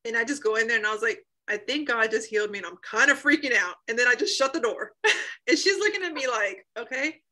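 Woman, 30s, bright slightly high voice, animated storyteller who laughs and acts out quotes. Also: quick pace, poor audio. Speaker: guest sharing a healing testimony. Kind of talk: emotional personal storytelling.

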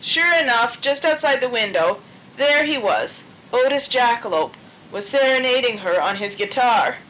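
High, bright woman reading a storybook. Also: lively intonation, normal speed, a little hiss or hum, poor audio.

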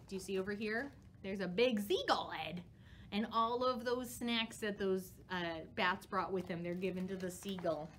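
A woman children's librarian leading a storytime, talking to young kids in an animated, playful way. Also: mid-range voice, moderate pace, a little hiss or hum. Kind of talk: children's storytime reading and rhymes. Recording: voice from a distance from the mic, faint ukulele. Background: faint ukulele.

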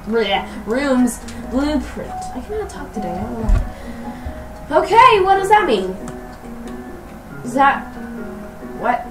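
Bubbly toy horse gamer, voiced by a woman. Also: fairly high pitch. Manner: bubbly, giggly, playfully sarcastic. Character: cheerful young female toy horse gamer. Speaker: let's play player. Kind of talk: let's play commentary. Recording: roomy, distant mic, background music.

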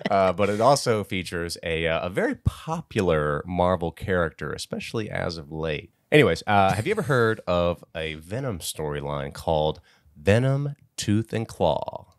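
Deep-voiced man, lively joking chatter. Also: normal speed, no echo, clean studio sound. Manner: joking, stammering restarts. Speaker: podcast co-host. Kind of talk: casual comic review chat.

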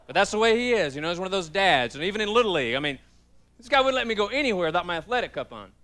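A man's voice: high-pitched, sing-song, very fast, pushed and bright. A man doing stand-up comedy as emcee in a club, telling folksy stories about his father.

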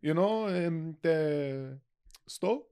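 A man's voice: on the high side, lively intonation, very slow, dark tone, smooth. A man co-hosting a casual studio chat, asking teasing, incredulous questions. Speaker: podcast co-host.

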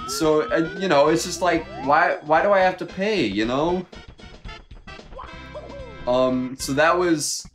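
A young man co-hosting a podcast, telling a work story in a casual, animated and exasperated way. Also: on the high side, slow pace, long pauses, faint music behind. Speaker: podcast co-host.

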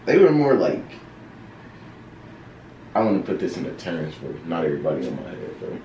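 A man's voice: deep voice, big pitch swings, normal speed, noisy background. Insistent young man, roomy echo. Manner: insistent, says "bro" constantly. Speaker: reaction video host. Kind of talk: casual argument with brother. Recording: echoey room, mic far off.

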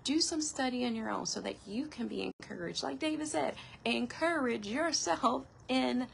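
A woman's voice: a little high, lively intonation, vocal fry, a little hiss or hum, rough recording. A woman pastor preaching a devotional sermon, earnest and encouraging, stretching out the words she stresses. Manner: earnest, encouraging, drawn-out emphasis on key words.

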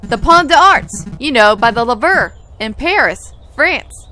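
Woman reading a cheeky fisherman guy, blunt, lively pitch. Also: a little slow, a little hiss or hum.

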